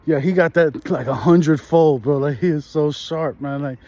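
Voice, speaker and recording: A man's voice: on the high side, normal speed, mellow, no echo. A man in his thirties with a New York accent, rambling casually in slang while walking down a residential street and filming on a phone. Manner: laid-back slangy rambling, laughs often. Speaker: vlogger host. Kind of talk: casual walk-and-talk chat.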